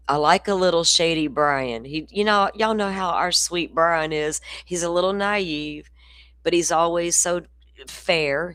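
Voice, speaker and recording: A woman's voice: sits low, fairly bright tone, no room sound. A woman from Florida with a Southern accent, hosting a casual true crime stream and chatting with viewers in a loose, storytelling way. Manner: chatty, laughing, storytelling asides. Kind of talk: casual livestream chat.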